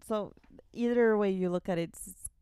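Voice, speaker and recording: A woman's voice: medium pitch, moderate pace, mellow, clear, resonant tone, dry recording, clean studio sound. A woman co-hosting a podcast, casually retelling a comic story and often saying "like". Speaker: podcast co-host. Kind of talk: casual chat about a comic series.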